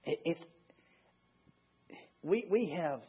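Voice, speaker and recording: A pastor preaching a conversational sermon in his church, swinging from loud emphatic lines to hushed, quiet prayerful ones. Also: fairly high pitch, expressive, very slow, breathy edge. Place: church sanctuary. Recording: dull lo-fi sound.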